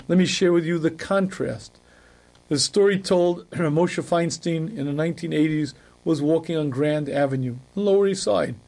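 A rabbi delivers a class, his voice sitting high for a man. He lectures vividly, slipping into small acted scenes, and keeps clearing his throat between phrases. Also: darkish tone. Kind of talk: recorded Torah class.

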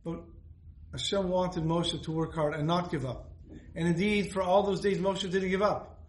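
A man's voice: high voice, steady tone, normal speed, reverberant, a little hiss or hum, rough recording. A man teaching a Torah lesson, telling stories earnestly and repeating phrases for emphasis.

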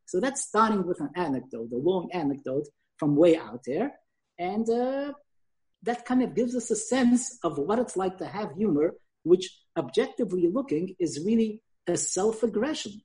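An older woman giving a lecture, telling an anecdote in an animated, conversational way. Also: fairly low pitch, moderate pace.

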